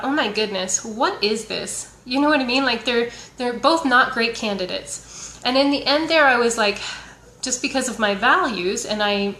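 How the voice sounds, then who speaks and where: Give me a woman wellness coach with a bright, slightly high voice, talking earnestly and casually. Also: slight background noise. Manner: earnest, chatty, frequent restarts. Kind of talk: casual motivational talk. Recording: echoey room.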